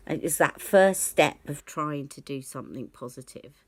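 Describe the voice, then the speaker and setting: A woman's voice: sits low, moderate pace, no echo. A woman vlogging about beauty, candidly recounting a personal story and acting out the conversations she remembers. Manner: candid, reflective, acts out remembered dialogue.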